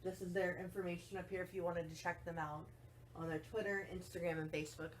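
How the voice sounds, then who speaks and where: A woman teacher reading a picture book aloud to children in a gentle, deliberate storytelling manner. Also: on the low side, level tone, slight background noise.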